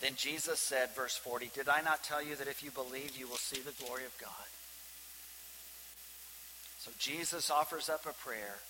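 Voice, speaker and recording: A man preaching a sermon as pastor, swinging from loud emphasis to hushed, near-whispered lines. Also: medium pitch, moderate pace, long pauses. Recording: reverberant hall with faint hiss.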